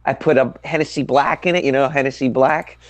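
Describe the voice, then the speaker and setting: A man's voice: mid-range voice, steady tone, brisk, dry recording. A man hosting a podcast, moving from casual chat into emphatic political commentary and repeating his points for effect. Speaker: podcast host.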